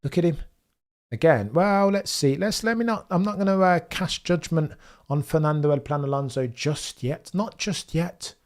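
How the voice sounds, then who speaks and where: With a fairly high voice at a normal pace, a man with a mild Brummie accent from the Birmingham area hosts a relaxed live watchalong. He chats with viewers, reads their comments out, and adds dry, wry remarks as the stream's host.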